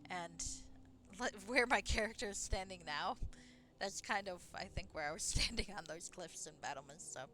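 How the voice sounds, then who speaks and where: A woman's voice: fairly low pitch, moderate pace, bright, forceful tone, slight background noise. A woman streaming a game live, chatting casually in a rambling way and swearing now and then. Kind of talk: casual live gameplay commentary.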